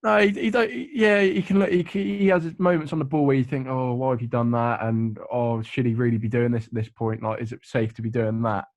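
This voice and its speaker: Young male co-host, earnest rambling pundit type, medium pitch. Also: fairly even intonation, a little fast, few pauses. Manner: earnest, explains at length with fillers. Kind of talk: casual football chat.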